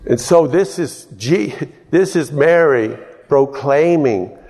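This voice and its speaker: A pastor preaching a sermon in a folksy, storytelling way, chuckling and breaking into loud exclamations. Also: male voice, a little high, expressive, slow, breathy edge. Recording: long hall reverb.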